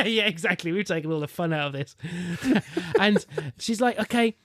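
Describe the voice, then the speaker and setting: Animated man telling a family story. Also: high-pitched, moderate pace, no echo, studio quality. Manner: lively storytelling, acts out his child's voice. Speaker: podcast co-host. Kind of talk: casual chat.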